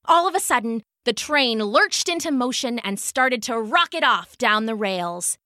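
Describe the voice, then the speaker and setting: Animated bright woman reading a children's story. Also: fairly high pitch, unhurried, no echo, clean studio sound. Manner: animated, expressive reading with sound-effect words. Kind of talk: children's story read aloud.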